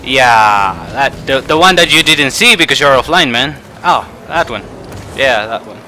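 A man giving frustrated live commentary over a car game, shouting outbursts and then muttering to himself. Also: medium pitch, animated, unhurried, a little hiss or hum. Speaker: gaming video creator.

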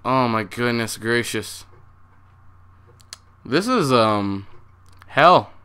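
A man's voice: mid-range voice, lively intonation, drawn-out words, sharp tone, clean tone. A young man hosting a horror game playthrough, jumpy and swearing a lot as he talks to his viewers. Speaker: gaming channel host.

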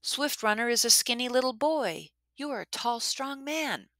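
A woman voicing an astonished male villager who speaks in a high, incredulous way. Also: lively intonation, moderate pace, pushed and bright, no room sound, studio quality.

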